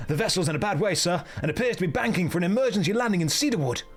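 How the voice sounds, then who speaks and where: A man voicing a young male private in a video game, giving a hurried, deferential report. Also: high voice, expressive, soft background music, pitched above the performer's own voice. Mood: urgent. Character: young male private, urgent, breathless messenger.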